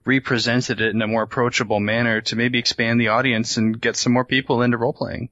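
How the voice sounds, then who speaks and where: Male podcast co-host, bright and dry, opinionated and rambling, lo-fi dull recording. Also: mid-range voice, little pitch movement, quick pace, dry recording. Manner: opinionated, thinks aloud with restarts. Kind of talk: casual panel discussion.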